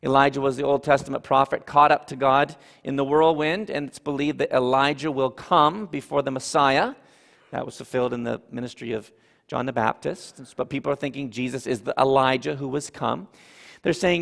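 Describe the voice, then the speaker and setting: A man preaching a sermon as pastor, emphatic and animated, with asides to the congregation. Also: medium pitch, moderate pace, vocal fry. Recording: reverberant hall.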